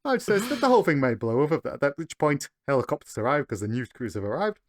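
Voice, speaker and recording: A man's voice: mid-range voice, very animated, fast talker. A man co-hosting a podcast, recapping a cartoon episode in casual chat and chuckling between beats.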